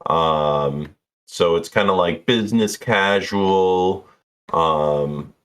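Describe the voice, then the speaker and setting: A man's voice: low-pitched, extremely slow. A man narrating as game master of a tabletop role-playing game, loose and hesitant with many fillers.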